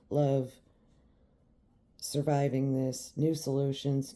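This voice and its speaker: Slow, very dark-voiced tarot reader. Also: mid-range voice. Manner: emphatic and repetitive, speaking directly to the listener. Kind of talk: tarot reading addressed to viewers.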